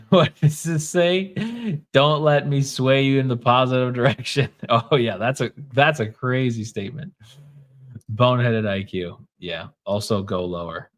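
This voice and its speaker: A man's voice: medium pitch, a little slow. Wry, casual Minnesota man streaming. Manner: casual and wry, reading chat comments aloud. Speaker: podcast host. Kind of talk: casual postgame livestream chat.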